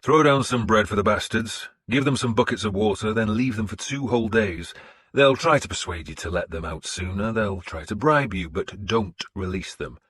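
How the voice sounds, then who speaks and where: A man voicing a hardened, blunt warlord who gives gruff commands. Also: lowish voice, moderate pace, a bit bright, natural voice. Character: hardened middle-aged male warlord, blunt. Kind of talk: audiobook character voice.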